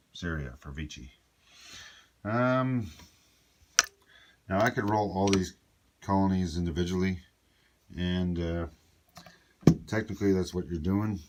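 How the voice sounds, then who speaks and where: Low-voiced man talking through a board game. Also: very noisy. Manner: thinking aloud, chatty asides to himself. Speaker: board game player explaining a solo playthrough. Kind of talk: casual tabletop game walkthrough.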